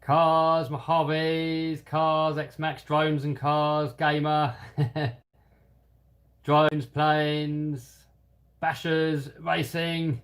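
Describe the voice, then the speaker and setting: Speaking extremely slowly in a level, fairly high and bright voice, an English hobby-channel host works through viewer comments on his live stream. His tone is casual and self-deprecating, and his London-area accent is lightly Cockney.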